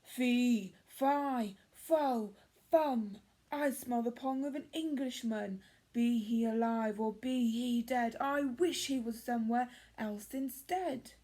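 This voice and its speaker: A woman doing a booming storybook giant. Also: measured pace, few pauses, darkish tone. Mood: roaring. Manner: booming and chanting. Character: loud booming male giant, gruff.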